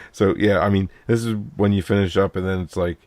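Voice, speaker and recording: A man's voice: low voice, darkish tone, no echo. A man in casual podcast chat, telling swearing, laughing stories.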